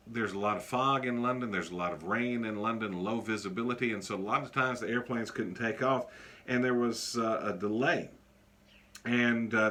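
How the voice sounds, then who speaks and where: A man teaching in a classroom, lecturing in a loose, joking way. He stops often on fillers. His voice sits at a middle pitch and has a bright, forceful edge. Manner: casual and joking, with many fillers.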